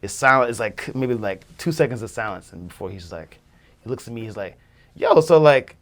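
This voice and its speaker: A man's voice: lowish voice, a little fast, bright, forceful tone. A young man, a music producer, telling a story in casual chat, loose and full of fillers. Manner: loose, filler-heavy, many "like"s, acts out quotes.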